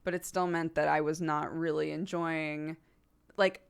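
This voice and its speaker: A woman's voice: low-pitched, level tone, unhurried, gravelly, clean tone. A young adult woman streamer chatting casually, theatrical and self-deprecating, often laughing and acting out quotes. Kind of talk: casual chat.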